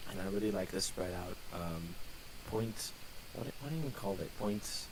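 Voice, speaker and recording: A man's voice: low-pitched, animated, moderate pace, noisy background. A man co-hosting a casual chat, loose and rambling, leaning on "like" a lot. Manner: loose, filler-heavy with lots of "like". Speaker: co-host.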